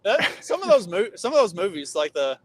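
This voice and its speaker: Middle-aged male podcast co-host, lively swearing storyteller, voice sits a bit high. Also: fairly quick, low-quality recording. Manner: animated storyteller, swearing freely. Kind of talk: casual chat.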